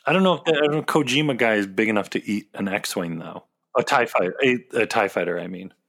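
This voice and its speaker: A man's voice: on the low side, fast talker, gravelly, a bit bright. A man co-hosting a casual podcast chat, playful in tone and moving the conversation on to the next topic. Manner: playful, moves the show along. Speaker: podcast co-host.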